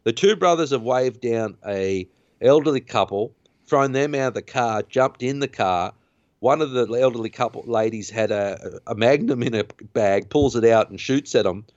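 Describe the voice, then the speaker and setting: A podcast host with a mid-range, darkish voice rambles through a casual film recap at normal speed, full of fillers and restarts. The sound is dry, dull, and lo-fi.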